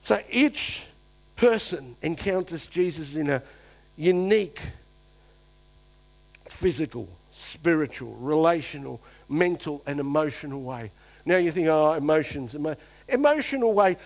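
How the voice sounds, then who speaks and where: A pastor preaching a lively sermon to his church, acting out quoted voices and swinging between loud and hushed. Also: a little high, a little slow, creaky, rough recording.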